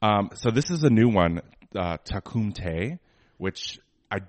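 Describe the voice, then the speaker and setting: Low-voiced male co-host, chatty and opinionated, dry close sound. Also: animated, slow pace, no room sound. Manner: chatty, opinionated, many fillers. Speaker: podcast co-host. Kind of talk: casual chat.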